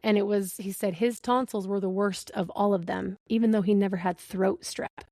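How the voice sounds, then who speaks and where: A woman's voice: mid-range voice, fairly even intonation, normal speed, a little mellow, no room sound. A woman in her thirties hosting a podcast, telling a candid story and acting out the dialogue. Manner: candid storyteller, laughs a lot, acts out dialogue. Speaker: podcast host. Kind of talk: casual chat.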